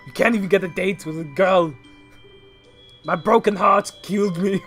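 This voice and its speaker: A young man hosting a let's play, goofy and joking, breaking into shouts. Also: high-pitched, moderate pace, faint music behind. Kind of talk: comedic game commentary.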